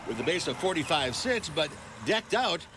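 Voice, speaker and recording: A man's voice: on the high side, sing-song, moderate pace, noisy background. A man narrating a TV news car feature in an upbeat, playful way. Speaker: TV news auto reporter.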